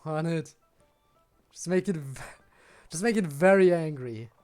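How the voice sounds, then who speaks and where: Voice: mid-range voice, unhurried, darkish tone, soft background music. A game streamer chatting casually and self-consciously with viewers late at night, giggling often and sounding tired. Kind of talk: casual live-stream chat while gaming.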